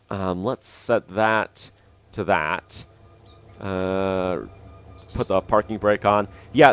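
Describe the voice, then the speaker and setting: This gaming channel host, a young man, talks loosely through his own play session, stumbling over fillers and restarting often. He speaks at medium pitch through a dynamic studio mic, and the tone is clean with no echo.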